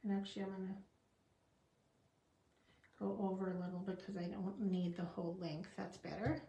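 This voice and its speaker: A woman's voice: mid-range voice, steady tone, moderate pace, vocal fry, dark tone, roomy sound, a little hiss or hum. A woman demonstrating card stamping in a chatty tutorial, talking to herself as she works. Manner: chatty, talks to herself while working, small laughs.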